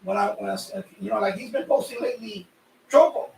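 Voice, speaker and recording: Fast and high-pitched with vocal fry and a darkish tone, a Puerto Rican man raised in New York chats loosely on his radio hobby stream, repeating himself and sweaty from the heat. A faint hiss or hum runs underneath, and the echoey room leaves his voice a little far off.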